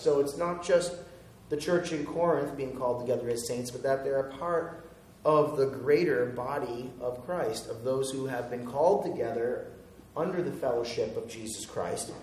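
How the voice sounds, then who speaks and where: A man's voice: medium pitch, a little mellow, a little hiss or hum. Pastor, male, conversational sermon delivery with light humor; room echo, distant mic. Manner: conversational, chuckles at his own jokes.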